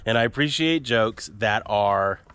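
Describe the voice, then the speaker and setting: Outdoors on a rural homestead, a father hosts a family vlog, chatty, rambling and self-deprecating. His voice is on the low side and animated at a measured pace, and the recording is very noisy.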